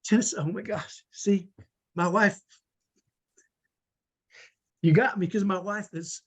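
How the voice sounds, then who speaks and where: A man's voice: high-pitched, fairly even intonation, slow. A middle-aged man hosting a live online parenting training on a video call, earnest and emphatic, often tagging on "right?". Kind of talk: live webinar talk.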